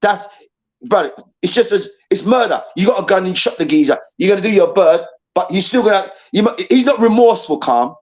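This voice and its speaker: A man's voice: high voice, animated, fairly quick, a little mellow. A man hosting a football debate show, ranting angrily and profanely and hammering his points with repetition. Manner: angry, profane, emphatic repetition. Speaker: host. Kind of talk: heated football debate rant. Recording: dull lo-fi sound.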